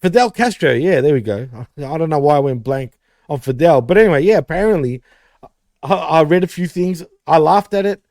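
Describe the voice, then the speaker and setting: A male podcast host with a voice sitting a little high for a man, recorded close and dry with no room sound. He is easygoing and chatty, throws in "dude", and reads comments from the live chat. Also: animated, a little fast, darkish tone, dry recording. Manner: laid-back, laughs often, says "dude", reads chat aloud.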